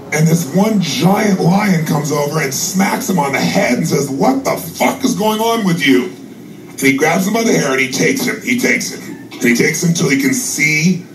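A man's voice: medium pitch, slight background noise. A man telling a parable as a motivational speaker, profane and building his talk up. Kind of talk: storytelling pep talk. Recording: echoey room from far off with music.

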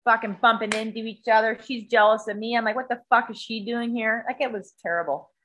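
A woman chats casually and swears a lot while telling a story, animatedly acting out sound effects and other people's lines. Her voice is fairly high and a little fast, on a lo-fi recording with a bit of hiss or hum.

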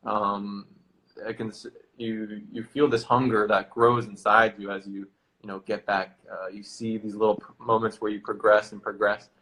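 A young man talks as a guest, calm and thoughtful, pausing on fillers. His voice is low and quite flat. It has a bright, forceful edge. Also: rough recording. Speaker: football player, guest. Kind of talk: reflective interview talk.

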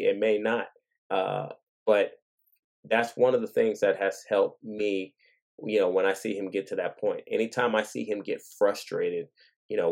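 A man hosting his own show, talking earnestly and gently in a casual reflective monologue, thinking aloud as he goes. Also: low voice, creaky. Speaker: father and podcast host.

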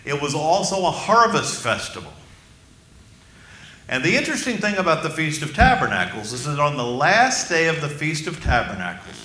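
A man preaching a sermon as pastor, emphatic and slowing down for key phrases while asking the congregation questions. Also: fairly high pitch, bright, forceful tone, reverberant.

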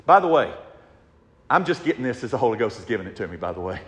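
A man preaching a sermon with emphasis, swinging from shouts to very quiet passages. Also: very animated, a little fast, distant mic. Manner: emphatic, rising to shouts then dropping very low. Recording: echoey hall with long reverb.

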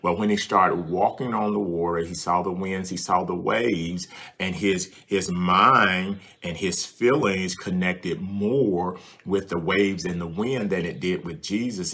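A man delivers a sermon in a low voice with a bright, forceful edge. He is earnest and circles back over his points, speaking straight to the listener. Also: husky. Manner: earnest and repetitive, addressing the listener directly. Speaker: preacher. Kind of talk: sermon with prayer ministry.

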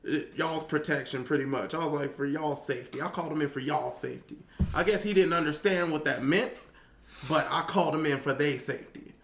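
A little fast and caught in a roomy-sounding space, this man's voice carries a lively story told as a guest in casual chat. He works in youth detention and acts out quotes with big pitch swings.

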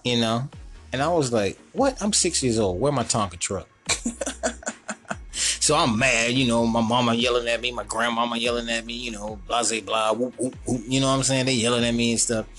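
A man spins a family story in loose everyday slang and keeps breaking into laughter as he goes. His voice sits at an ordinary middle pitch. Soft music plays faintly in the background. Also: normal speed. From North Carolina, US. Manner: animated, laughing, slangy, repeats "you know what I'm saying". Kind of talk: casual storytelling.

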